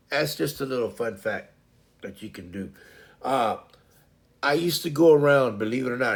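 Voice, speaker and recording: A man's voice: lowish voice, vocal fry. A man in his fifties hosting a live stream, chatting casually in a folksy, meandering way with lots of fillers and restarts. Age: 50s. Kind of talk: rambling casual chat.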